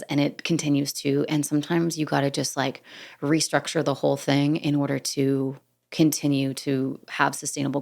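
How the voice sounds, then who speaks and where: Low-voiced, gravelly woman host, chatty. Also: darkish tone. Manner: chatty, lots of "like" fillers, acts out dialogue. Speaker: podcast host. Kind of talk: casual solo storytelling.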